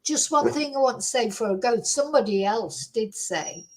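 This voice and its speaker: Chatty woman, high voice. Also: animated, moderate pace, rough recording. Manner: chatty, rambling, full of "you know" and tag questions. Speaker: true crime channel host. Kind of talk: casual solo commentary to viewers. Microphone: computer microphone at a desk.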